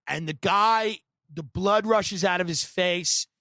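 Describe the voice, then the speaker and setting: This podcast storyteller is a comedian from the United States with a high-pitched male voice, taking his time as he unwinds a long tale. He's sardonic, animated, and provocative throughout, with no echo in the recording.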